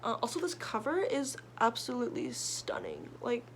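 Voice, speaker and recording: A woman's voice: fairly high pitch, wildly swooping pitch, normal speed, slight background noise. A young woman, a book vlogger, chatting casually about her reading list in a rambling way full of fillers and restarts. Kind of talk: casual chat.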